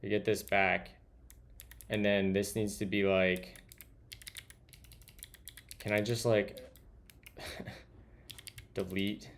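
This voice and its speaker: A man's voice: on the low side, level tone, drawn-out words, gravelly, long pauses, slight background noise. A man streaming live as he codes, thinking aloud and muttering to himself as he types. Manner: muttering to himself while typing. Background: keyboard typing.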